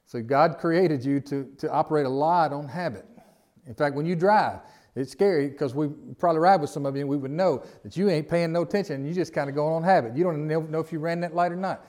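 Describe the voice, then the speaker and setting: Folksy Southern pastor preaching. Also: male voice, on the high side, brisk, a little mellow. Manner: folksy, conversational preaching with repeated phrases and asides. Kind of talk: sermon.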